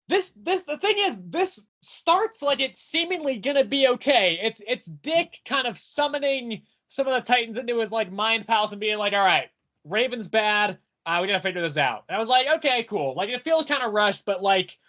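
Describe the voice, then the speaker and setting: This comics podcast co-host has a high-pitched voice, captured with lo-fi sound. He reviews comics in casual chat, animatedly ranting, swearing, and acting out quotes.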